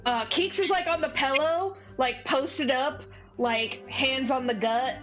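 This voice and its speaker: Slow, rambling woman game master. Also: high voice, fairly bright tone, faint music behind. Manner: loose, filler-heavy storytelling. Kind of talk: narrating a tabletop game.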